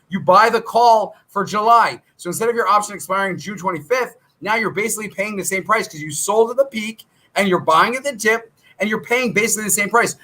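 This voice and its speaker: A man hosting a casual stock trading Q&A, brash and animated, swearing freely and jumping from topic to topic. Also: sits high. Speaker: stock trading show host. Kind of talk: casual Q&A livestream.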